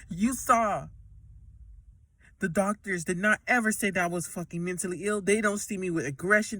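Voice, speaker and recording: A woman with a medium-pitched, sharp-toned voice vents to her camera from inside a parked truck. As a vlogger, she's agitated and emotional, cursing a lot and circling back to the same points, and she sits somewhat far from the mic.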